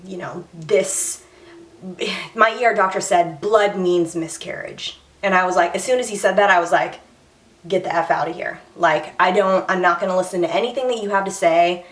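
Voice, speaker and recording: A woman's voice: on the low side, distant mic. A young woman vlogging about her pregnancy, candid and emotional, acting out what people said to her. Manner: emotional, candid, retells scenes with quoted dialogue. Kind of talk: personal storytelling vlog. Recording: echoey room, voice a little off-mic.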